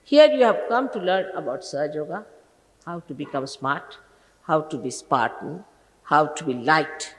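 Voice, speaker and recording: A woman's voice: low voice, animated, moderate pace. Stern sixty-year-old woman scolding, echoey hall. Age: 60s. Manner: scolding, exasperated, rhetorical questions. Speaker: spiritual teacher addressing followers. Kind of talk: stern scolding address to a gathering. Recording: echoey hall, archival talk recording.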